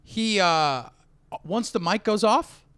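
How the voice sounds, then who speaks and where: High-voiced man riffing with a laugh. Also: lively intonation, slow pace, a bit bright, smooth. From New York. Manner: laughs often, riffs with jokey bits. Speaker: podcast co-host. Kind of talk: casual comedy banter.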